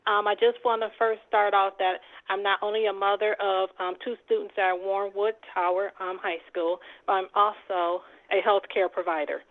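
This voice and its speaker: Concerned mom calling in, polite, lots of ums, tinny phone sound. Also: female voice, mid-range voice, flat delivery, normal speed, few pauses. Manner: polite, concerned, many um fillers. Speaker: parent and healthcare provider. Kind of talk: public comment at a meeting.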